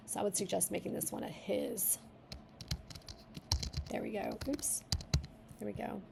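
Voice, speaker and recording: A woman with a medium-pitched voice and vocal fry reads a story draft aloud, pausing to suggest edits and thinking out loud as a critic going through the manuscript. Background noise is audible.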